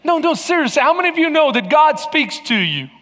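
A man's voice: very high voice, sing-song, fairly quick, pushed and bright. A middle-aged male pastor preaching a sermon, telling a personal story with emotional restarts and laughter. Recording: long hall reverb.

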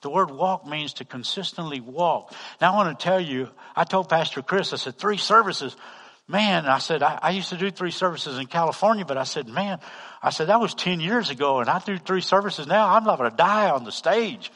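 Texan man, pastor, storytelling sermon, swings loud to hushed, long hall reverb. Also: on the high side, brisk. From Texas. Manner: animated, acts out dialogue, swings from loud to hushed. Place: church hall.

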